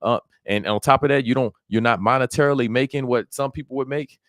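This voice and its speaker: A man preaching a casual bible study, explaining scripture in slangy everyday talk and reading verses aloud slowly. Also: medium pitch, fairly bright tone, no echo, clean studio sound.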